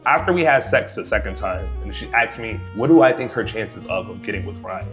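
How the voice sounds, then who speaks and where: A man's voice: fairly low pitch, animated, fairly quick, fairly bright tone, soft background music. A man being interviewed, recounting events in a laid-back, casual way and quoting dialogue. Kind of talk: casual storytelling.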